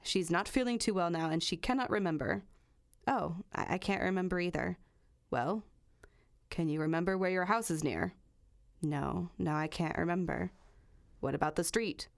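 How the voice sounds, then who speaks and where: A woman's voice: on the low side, normal speed, gravelly. A woman hosting a true crime podcast, reading a long passage aloud and then chatting casually, swearing freely. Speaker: podcast host.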